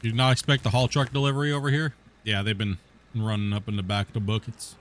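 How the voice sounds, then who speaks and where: He speaks quickly in a lowish voice with a flat delivery. During his game stream the talk is casual and rambling, sprinkled with laughs, swearing and habitual "you know" and "right?".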